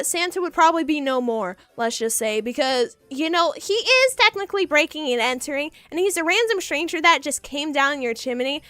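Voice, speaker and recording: A woman's voice: extremely high pitch, sharp tone, dry recording. A young woman streamer chatting casually with her viewers and reading a storybook aloud, giggly and full of jokes. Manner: chatty, giggly, talks to chat, breaks off into jokes.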